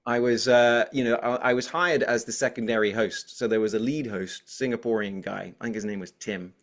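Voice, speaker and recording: English guy in his forties, energetic talkative interview guest, animated storyteller. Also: mid-range voice, brisk. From England. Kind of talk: casual interview chat.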